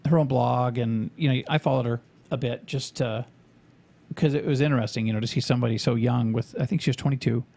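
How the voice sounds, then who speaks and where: A man's voice: mid-range voice, fairly even intonation, fast, vocal fry, dark tone. A man co-hosting a podcast, chatting casually in a rambling, profane, joking way. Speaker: podcast co-host.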